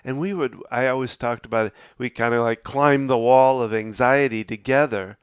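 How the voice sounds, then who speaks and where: A middle-aged man hosting a podcast, talking earnestly and reflectively, often halting and restarting as he gives advice. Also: medium pitch, steady tone, clear, resonant tone, dry recording, lo-fi sound. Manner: halting, with frequent restarts and fillers. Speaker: podcast host.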